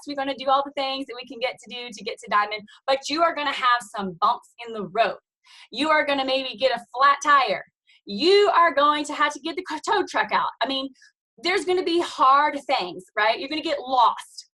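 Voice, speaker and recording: Team leader, woman in her thirties, rousing video-call pep talk with a bright, ringing voice. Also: high voice, poor audio. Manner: emphatic, preachy, chatty, with "you guys" and "okay?".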